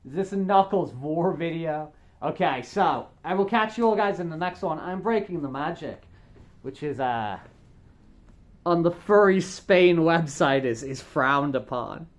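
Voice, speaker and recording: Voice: medium pitch, animated, measured pace. Rambling, enthusiastic casual vlogger. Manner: rambling, filler-heavy, enthusiastic; upbeat, friendly, addresses viewers directly. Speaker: furry vlogger. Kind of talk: casual chat to camera.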